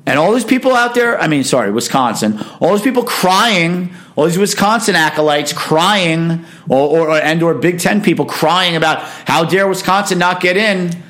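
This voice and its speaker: A man's voice: on the high side, animated, moderate pace, hardly any pauses, fairly bright tone. A man hosting a casual sports talk show, giving emphatic, opinionated commentary in a chatty monologue.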